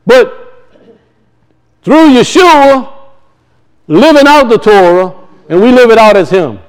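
A middle-aged man with a notably high voice preaching a lively sermon. He swings his pitch up and down, circles back on phrases for emphasis, and slips into acted-out voices. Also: moderate pace, smooth, rough recording. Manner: animated preaching, rises and drops in pitch, acts out quoted voices; repeats and restarts phrases for emphasis.

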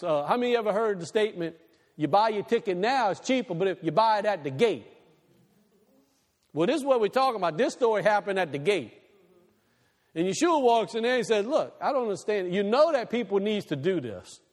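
A male pastor preaching a sermon, animated, swinging between loud bursts and quiet, low asides. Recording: long reverb in a large hall.

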